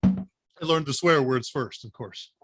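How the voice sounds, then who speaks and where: This Northern Ohio man has a mid-range voice and talks slowly, with background noise in the recording. As the host of a live Q&A stream, he spins casual, meandering anecdotes loaded with "uh"s and similar fillers.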